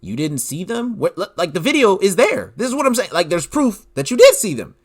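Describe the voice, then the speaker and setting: Man, podcast host, solo commentary, animated, incredulous, filler-heavy, somewhat high voice. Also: fairly quick. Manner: animated, incredulous, leans heavily on "like".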